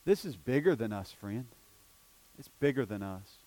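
A man preaching a sermon as pastor in a church, with an East Tennessee accent, swinging from hushed, low lines to loud, emphatic declarations. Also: expressive, moderate pace. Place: church sanctuary.

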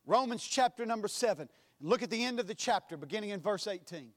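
A man preaching a sermon in a church, impassioned, swinging between loud and soft passages. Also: high-pitched, expressive, quick pace. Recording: long hall reverb.

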